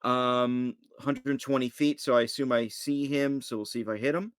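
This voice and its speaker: A man's voice: medium pitch, steady tone, moderate pace, smooth, no echo. Hesitant male player, dry sound. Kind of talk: casual play over voice chat.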